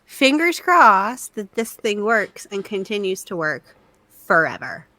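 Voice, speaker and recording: A woman's voice: medium pitch, big pitch swings, measured pace, bright, forceful tone, no echo. Wry, chatty podcast woman. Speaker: podcast co-host. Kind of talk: casual chat.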